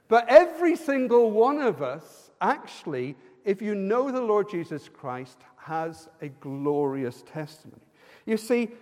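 A man preaching a sermon in a church, earnest and personal, building to emphatic repeated lines. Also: sits high. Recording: long hall reverb.

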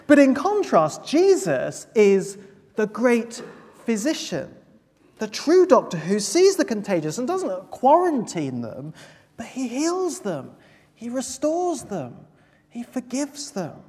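A preacher delivering an earnest, emphatic sermon, pausing to stress key words. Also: medium pitch, a little mellow. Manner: earnest, emphatic, with pauses for weight. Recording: long hall reverb.

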